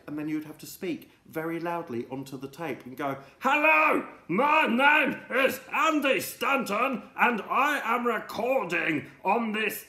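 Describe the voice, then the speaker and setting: A man hosting an absurd mock lesson for kids, rambling in a silly, deadpan way with big swings in his voice. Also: fairly high pitch. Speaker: comedy presenter of a children's show. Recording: roomy echo.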